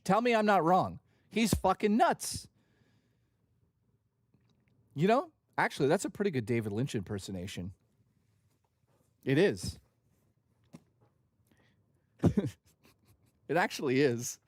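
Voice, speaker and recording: A man's voice: fairly high pitch, sing-song, slow, long pauses, no echo, studio quality. A man hosting a livestream, talking in a casual, jokey and profane way. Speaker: livestream host.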